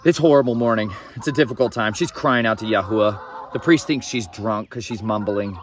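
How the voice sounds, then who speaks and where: A man's voice: on the low side, moderate pace. Rambling man teaching Bible stories outdoors. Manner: rambling, opinionated, digressive. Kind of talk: casual Bible storytelling. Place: outdoors in a farmyard. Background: chickens clucking.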